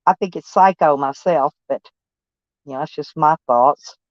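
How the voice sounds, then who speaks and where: A woman's voice: deep voice, normal speed, no echo, lo-fi sound. A woman chatting casually on a live stream, folksy and blunt, answering viewers' comments by name and swearing mildly. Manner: blunt, peppered with mild cursing.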